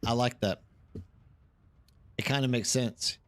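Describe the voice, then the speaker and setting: A man's voice: mid-range voice, fairly even intonation, slow. A man chatting casually on a live stream while gaming, rambling and reacting to chat. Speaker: streamer hosting a watch party.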